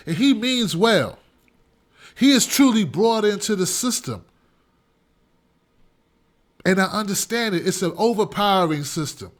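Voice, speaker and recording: Man, show host, high-pitched voice, emphatic ranting commentary, repetitive. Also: expressive, a little slow, long pauses. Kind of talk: opinion commentary monologue.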